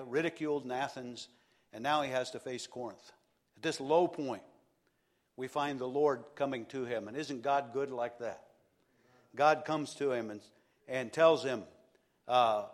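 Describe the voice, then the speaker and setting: A man preaching a sermon earnestly, repeating key phrases and pausing for emphasis. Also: medium pitch. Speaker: pastor.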